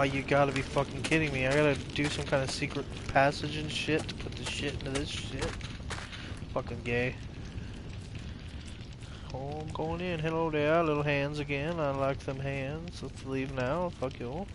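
A man's voice: medium pitch, little pitch movement, moderate pace, long pauses, noisy background. Profane young man reacting to a game. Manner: profane, jumpy reactions, talks to himself. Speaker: gamer streaming a horror game. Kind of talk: casual let's-play commentary.

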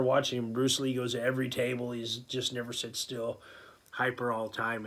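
A man tells a casual anecdote straight to the listener, lively and full of fillers as he acts out what people said. His voice is husky, a bit breathy, and sits at an average pitch for a man. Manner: animated, acts out quotes, many fillers. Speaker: storyteller.

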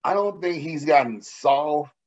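A man co-hosting a podcast, telling stories in a profane, animated way during casual banter. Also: on the high side, unhurried, lo-fi sound, a little hiss or hum. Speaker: podcast co-host.

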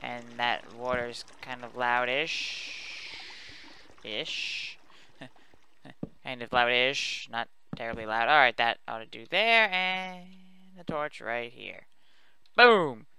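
A man's voice: medium pitch, slow, creaky, pauses often, bright, forceful tone, a little hiss or hum. A man giving casual, rambling commentary while building in a video game, chatty and self-mocking as he talks to his viewers. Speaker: let's play host.

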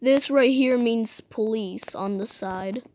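A woman's voice: fairly high pitch, takes it slowly, noisy background. A woman giving casual, rambling gameplay commentary, exclaiming often and restarting her sentences. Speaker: gamer.

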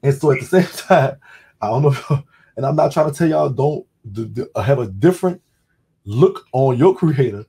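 A man's voice: mid-range voice, lively intonation, normal speed, vocal fry, mellow, slightly rough. A man with a Louisiana accent hosting a casual call-in talk, telling a personal story loosely, with many restarts and blunt cursing. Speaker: host.

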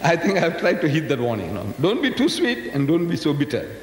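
Older male lecturer, teasing folksy delivery, lively pitch, live echoey hall recording. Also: a little fast, a little hiss or hum. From South Africa, of Indian descent. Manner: folksy, teasing, talks directly to the audience with rhetorical questions. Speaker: Islamic lecturer. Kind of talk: public lecture to a live audience. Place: large lecture hall with audience.

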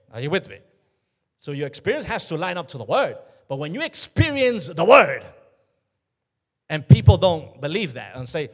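A male pastor preaching a sermon, emphatic, with call-and-response and sudden loud bursts. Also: a little high, sing-song, moderate pace.

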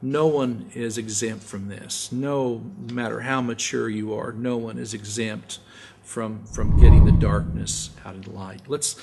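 A man's voice: fairly low pitch, steady tone, a little slow, creaky. Earnest male pastor preaching, faint room hum. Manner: earnest, repeats words as he restarts, drops to a soft hush at times. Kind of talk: sermon. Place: church sanctuary.

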